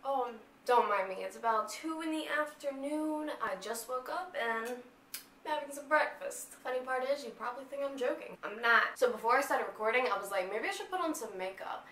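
A young woman from North Carolina tells a story in a casual, chatty way, laughing often and saying "you know" a lot. Her voice is high and bright. It echoes in a room at home, picked up by the camera's built-in mic. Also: fairly quick. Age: young adult. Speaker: vlogger.

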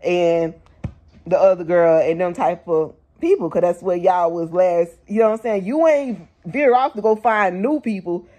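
A woman's voice: on the low side, normal speed, mellow, muffled recording. A young woman vlogger giving blunt, slangy opinion commentary, firing off rhetorical questions.

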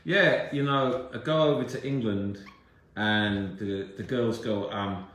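Low-voiced man chatting in an echoey room. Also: slow pace. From United States. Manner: relaxed, rambling, many fillers. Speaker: actor signing autographs. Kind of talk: casual chat during a live autograph stream. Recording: very echoey room, faint background hum.

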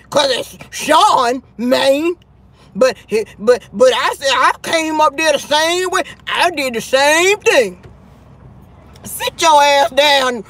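A woman's voice: high-pitched, a bit bright. A woman hosting a casual livestream, chatting with viewers, laughing often and trash-talking bluntly. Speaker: livestream host.

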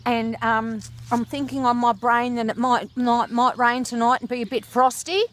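A woman's voice: a little high, level tone, moderate pace. An Australian woman in a mock street-report comedy sketch, full of broad slang and fussing terms of endearment, recorded outdoors on a street.

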